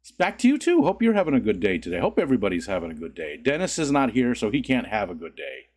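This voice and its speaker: Chatty man with a lively voice. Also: fast. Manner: rambling, greets chat, sudden squeaky voice cracks and laughs. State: just woke up. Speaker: livestream host. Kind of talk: casual livestream chat.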